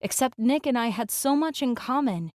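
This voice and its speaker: Woman audiobook narrator, slightly high voice, reflective and quick, dry studio sound. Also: expressive, darkish tone, no echo. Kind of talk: first-person audiobook narration. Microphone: close studio mic.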